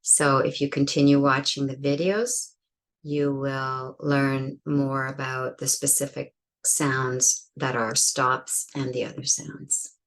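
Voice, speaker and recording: A woman's voice: very deep voice, little pitch movement, takes it slowly. A woman giving an English pronunciation lesson, demonstrating sounds and example words and thinking aloud with fillers. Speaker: pronunciation teacher.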